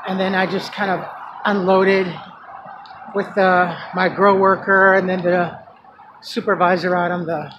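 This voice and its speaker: A man's voice: sits high, level tone, a little slow, highs cut off. Emotional rambling man vlogging by traffic. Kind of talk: casual personal vlog.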